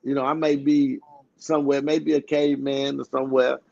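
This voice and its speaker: A man's voice: medium pitch, level tone, normal speed, vocal fry, darkish tone. A man with a Houston accent, a podcast co-host in casual chat, loose and joking as he acts out heated lines. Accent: Southern US, Houston. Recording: dull lo-fi sound.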